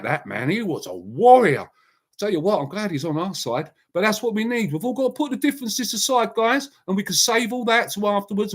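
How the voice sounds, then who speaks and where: A man hosting a casual live chat, talking bluntly in a rambling way and answering viewers by name. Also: high voice. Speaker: livestream host.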